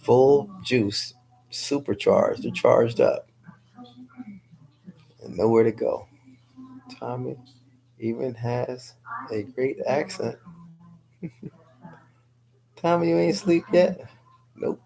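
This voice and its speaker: A woman's voice: a bass voice, slow, gravelly, long pauses, warm tone, slight background noise, rough recording. A woman from New City, chatting casually as a guest on a live stream, laughing often and answering viewers by name. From New York City. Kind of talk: casual chat, reading viewer comments aloud.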